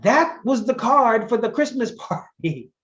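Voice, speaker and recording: A man's voice: extremely high pitch, big pitch swings, measured pace, fairly bright tone, dull audio. Emphatic man lecturing. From Charleston, South Carolina. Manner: emphatic, conversational, wry asides. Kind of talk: guest lecture.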